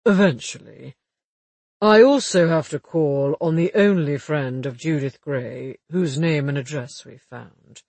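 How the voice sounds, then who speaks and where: A husky, slightly raised voice belongs to a shrewd police detective, read by a man. He talks in a measured, matter-of-fact way with a dry, wry humour, recorded close with no room sound. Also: a little high, a little mellow, no room sound. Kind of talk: audiobook dialogue reading.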